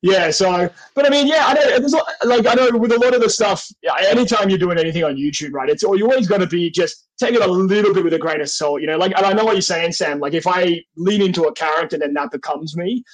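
A man's voice: high-pitched, fast talker, few pauses, poor audio. An Australian man chatting on a podcast as a guest, goofy and self-deprecating, rambling with lots of fillers. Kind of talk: casual podcast chat.

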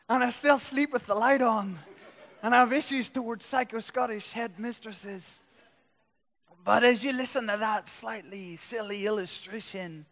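A man's voice: very high-pitched, bright, forceful tone, long reverb tail. A man preaching a sermon, telling stories animatedly and building to emphatic lists. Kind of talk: sermon with storytelling.

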